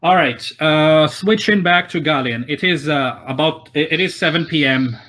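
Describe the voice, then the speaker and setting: A man's voice: fairly high pitch, normal speed, pushed and bright. Hesitant male game master. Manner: hesitant, many fillers. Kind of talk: narrating a tabletop game.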